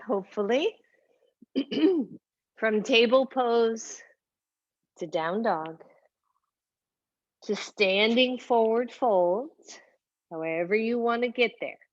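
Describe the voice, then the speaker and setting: A woman teaching a yoga class, cueing poses calmly while moving and a little out of breath. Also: on the high side, muffled recording. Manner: slow, calm cueing with breathy whoops of effort. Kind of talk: guided yoga class instruction.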